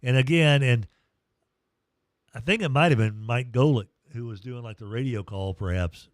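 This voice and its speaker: A man hosts a sports talk show in a loose, chatty way. He acts out what players said as he tells their stories. His voice sits at an everyday pitch and sounds dry and close, with no room around it. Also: moderate pace, no room sound. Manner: storytelling, acting out quotes; reads live sponsor reads. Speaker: sports radio host.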